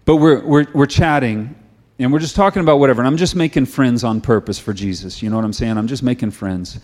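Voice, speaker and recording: Man, middle-aged, preacher, sermon, conversational storytelling, earnest prayer, average pitch. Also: animated, normal speed, darkish tone.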